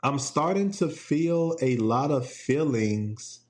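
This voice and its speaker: Casting note: playful man hosting a laid-back solo podcast, middle pitch, breaks into laughs. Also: animated, takes it slowly, a little mellow. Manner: playful, laughs often, quotes TV clips in put-on voices. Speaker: podcast host. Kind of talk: casual solo podcast chat. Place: home.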